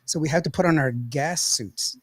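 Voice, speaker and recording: A man with a drawl hosts a podcast, telling a long, rambling story and acting out quotes along the way. His voice sits a little high for a man. The recording is close and dry, with no room sound. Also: moderate pace, no echo. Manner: rambling, animated, laughs often, acts out quotes. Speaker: podcast host. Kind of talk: casual storytelling chat.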